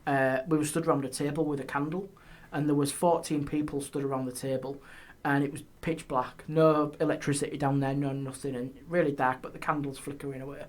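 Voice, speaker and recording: A man, a guest on a podcast, telling ghost stories in a lively way and dropping his voice on eerie details. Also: a little high, brisk, hardly any pauses. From England. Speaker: guest, paranormal historian. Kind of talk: casual storytelling. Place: podcast studio.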